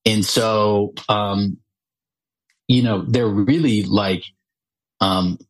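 A man from California, a guest actor, talking casually on a podcast and often pausing to search for words with many fillers. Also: fairly low pitch, steady tone, slightly rough, dry recording, rough recording.

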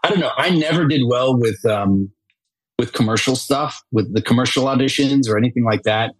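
A man from California, a guest actor, talking casually on a podcast and often pausing to search for words with many fillers. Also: medium pitch, slightly rough, dry recording, low-quality recording.

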